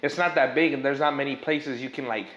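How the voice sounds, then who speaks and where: A man's voice: mid-range voice, steady tone, brisk, fairly bright tone, highs cut off. A young man in casual podcast chat, telling a story in a rambling, profane way full of fillers. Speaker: podcast guest or host. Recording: echoey room.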